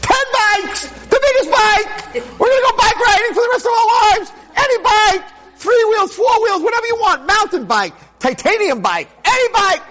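A man voicing an overjoyed father who shouts giddy promises to his son in a voice leaping far above his own. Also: lively intonation, moderate pace, big-room sound, exaggerated voice. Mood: ecstatic. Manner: shouting giddily, voice leaping high.

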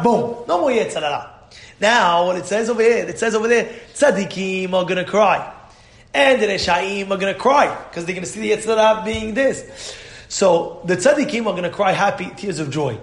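A man teaching a Torah class as a rabbi, animated and full of rhetorical questions, acting out quotes. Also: high voice, roomy sound.

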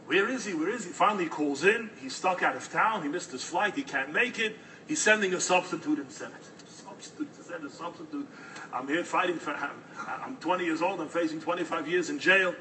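A man telling a story in an animated, dramatic storytelling manner. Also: on the high side, fairly quick, recorded from a distance, slight background noise, low-quality recording. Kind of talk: oral storytelling.

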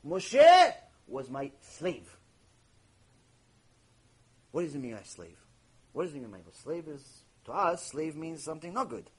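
A man's voice: fairly high pitch, breathy edge, poor audio. A man giving an impassioned Torah lecture on Mussar, rebuking his listeners and mixing Hebrew terms into his English. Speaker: rabbi teaching Mussar.

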